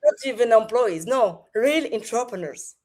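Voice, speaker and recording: A woman with a French accent, a podcast guest speaking over a video call, with many pauses and restarts. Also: fairly high pitch, lively intonation, a little mellow. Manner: hesitant, many fillers and restarts. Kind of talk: remote interview.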